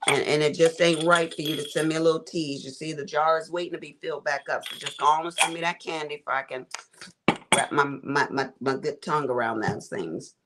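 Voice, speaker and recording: A woman's voice: sits low, fairly even intonation, a little fast, background noise. A middle-aged woman hosting a casual craft livestream, chatty and folksy, calling her viewers y'all and honey.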